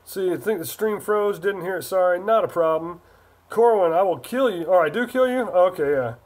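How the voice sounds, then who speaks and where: A man's voice: high voice, moderate pace. A man from Northern California hosting a casual livestream, rambling and reading viewer chat aloud as he answers. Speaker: livestream host.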